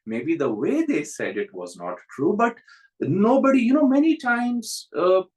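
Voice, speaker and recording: A man's voice: high-pitched, very animated, a little slow, darkish tone, poor audio. A man who is a spiritual teacher, giving a reflective spiritual talk and telling stories with frequent chuckles.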